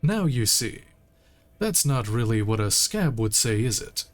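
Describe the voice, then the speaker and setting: Male streamer reading game text aloud, unhurried and easygoing, speaking into a streaming mic. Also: mid-range voice. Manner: relaxed, reads lines aloud with occasional asides.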